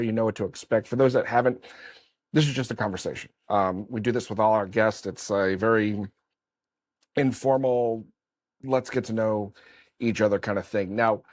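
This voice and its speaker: Lowish in pitch and recorded dry, this late-thirties man hosts a podcast in a casual interview format. His talk is loose and rambling, packed with filler words and sprinkled with mild profanity.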